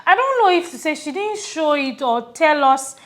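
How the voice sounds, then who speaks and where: Reflective Nigerian woman, higher voice. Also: animated, normal speed. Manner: reflective, earnest, trails off softly. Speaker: podcast co-host. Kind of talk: casual conversational storytelling.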